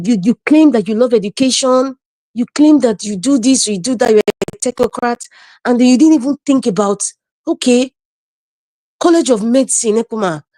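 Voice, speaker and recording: A woman's voice: mid-range voice, mellow, dry recording. A woman with a Nigerian accent speaking as a panelist on a video call, giving impassioned political commentary, indignant and emphatic, repeating her phrases.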